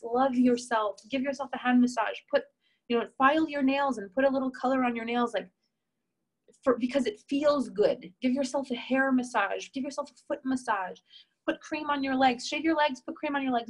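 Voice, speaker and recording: Female coach, a touch high, encouraging, talks straight to listeners on a call. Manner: warm, encouraging, reads out members' comments. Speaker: relationship coach.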